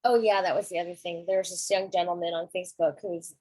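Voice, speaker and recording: A middle-aged woman talking gently and reflectively about grief in a candid podcast conversation, with a husky voice. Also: fairly low pitch, fairly even intonation, quick pace, dry recording, rough recording. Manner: gentle, reflective, soft-spoken.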